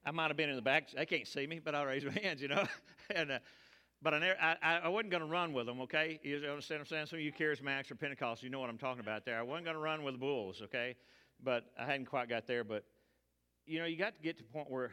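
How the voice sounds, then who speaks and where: An older man with a drawl tells his testimony to a congregation in a plain, folksy way. His voice is bright and forceful, and a long hall reverb trails behind each phrase. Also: on the high side, quick pace, smooth. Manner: folksy, colloquial storytelling. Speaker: preacher. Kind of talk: testimony sermon.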